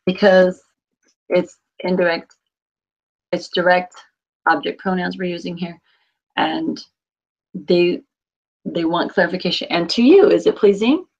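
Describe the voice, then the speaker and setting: A woman's voice: on the low side, measured pace, creaky, pauses often, darkish tone. Woman teaching Spanish over a muffled call. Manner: patient, corrects students by name. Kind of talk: online class teaching. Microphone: computer mic on a video call.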